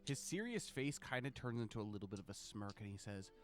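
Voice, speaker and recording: A man's voice: lowish voice, sing-song, fast talker, faint music behind. A young man casually narrating a tabletop game as game master, with lots of filler words.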